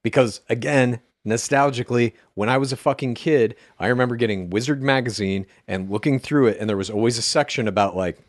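Middle-pitched man ranting on a podcast, dry close sound, casual cursing. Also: fairly quick, few pauses, no room sound. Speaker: podcast co-host. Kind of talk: casual comedy chat.

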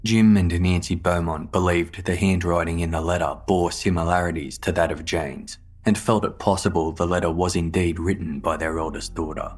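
A man narrating a true-crime story in a measured, grave, scripted manner. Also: low-pitched, steady tone, husky, faint music behind.

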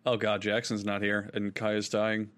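A man hosting a podcast in casual chat, animated, swearing freely and laughing often, who also reads the show's sign-off. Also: lowish voice, measured pace. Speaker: podcast host.

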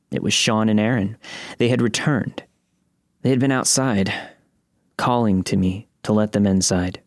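Low-voiced man narrating a horror story. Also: no room sound, studio quality. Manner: steady, measured reading.

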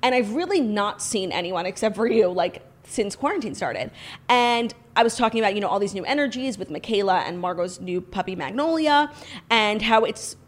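A woman's voice: medium pitch, animated, moderate pace. A young woman co-hosting a podcast, telling a story in casual chat and saying "like" all the time. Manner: chatty storytelling, heavy use of "like". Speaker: podcast co-host.

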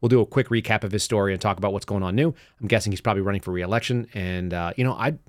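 A man hosting his podcast, talking fast and casually and laughing now and then at his own stories. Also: lowish voice, no room sound, clean studio sound. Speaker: podcast host. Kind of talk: casual talk show monologue. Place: studio.

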